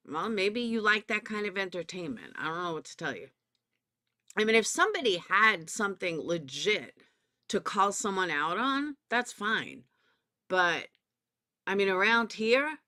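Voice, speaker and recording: A woman's voice: mid-range voice, sharp tone. A woman with a Southern US accent giving a profane, sarcastic commentary rant, calling people out directly. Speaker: commentary YouTuber. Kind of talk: ranting drama commentary.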